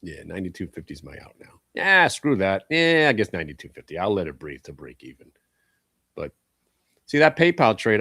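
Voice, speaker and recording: A man hosting a live stock trading show, talking bluntly and excitably as he trades, swearing at the market. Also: on the low side, normal speed, no echo, clean studio sound.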